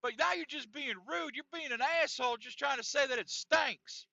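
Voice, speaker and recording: A man voicing a belligerent, defensive male gym-goer who shouts crude insults, on a dull, lo-fi, dry recording. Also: very high voice, normal speed, gravelly, no echo, pitched above the performer's own voice, exaggerated voice.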